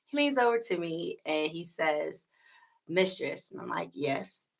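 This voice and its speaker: A woman in her thirties co-hosting a podcast, telling a story in casual chat, animated and laughing often. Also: on the low side, normal speed. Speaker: podcast co-host.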